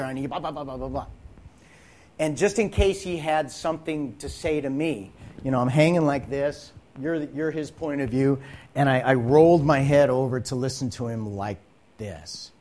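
Male actor, middle-pitched, dramatic testimony with intense, whispered moments. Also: darkish tone. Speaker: actor sharing a faith testimony. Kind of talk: dramatic personal storytelling.

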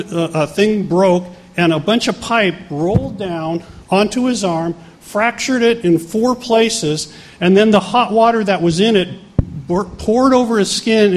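High-voiced man preaching a lively sermon. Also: moderate pace. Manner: animated, acts out quoted voices. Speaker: pastor. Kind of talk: sermon storytelling.

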